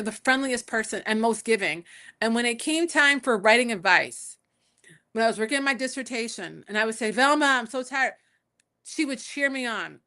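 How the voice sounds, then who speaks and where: A woman guest on an interview podcast with a bright, forceful voice pitched a little high. She answers in a loose, conversational way and tells stories, slipping into the voices of the people she quotes. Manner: storytelling, acting out quoted voices. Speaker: poet and scholar guest. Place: home in Puerto Rico.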